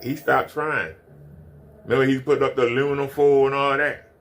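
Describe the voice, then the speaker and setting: Guy ranting on his stream, mocking, keeps repeating himself, aave, mid-pitched voice. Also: flat delivery, moderate pace, a bit bright, slight background noise. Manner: repetitive, mocking. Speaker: commentary streamer. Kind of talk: ranting commentary.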